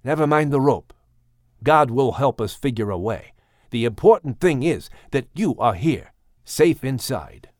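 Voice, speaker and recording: A man's voice: medium pitch, animated, measured pace, a little mellow, no echo, studio quality, natural voice. A man voicing a firm old patriarch. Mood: reassuring. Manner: urgent, commanding instructions. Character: aged male patriarch, firm and caring. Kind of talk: audiobook character reading.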